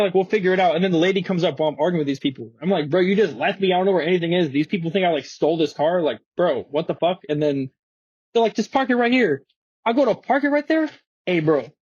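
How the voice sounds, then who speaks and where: A young man with a slightly high, husky voice rattles through a story in heavy street slang, swearing freely and putting on other people's voices as he goes. The recording is dull and close, with no room sound at all, like a muffled studio mic. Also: no echo. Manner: slangy, animated, swears a lot, acts out quotes. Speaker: guest skateboarder. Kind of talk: casual storytelling.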